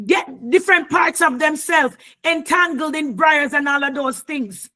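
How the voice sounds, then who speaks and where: A woman preacher delivering a fervent sermon, repeating phrases and often raising her voice to a shout. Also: extremely high pitch.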